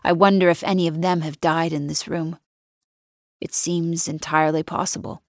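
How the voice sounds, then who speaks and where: A woman reads a first-person thriller audiobook in a calm, controlled, coolly patient voice. Her tone sits on the lower side, and the recording is dry and close, with no room sound. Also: moderate pace, dry recording. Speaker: narrator.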